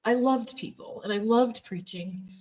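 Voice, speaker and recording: A woman's voice: fairly high pitch, measured pace, darkish tone. A woman telling her personal story in an emphatic, emotional way, recounting hard years with the odd laugh. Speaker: former Jehovah's Witness telling her story.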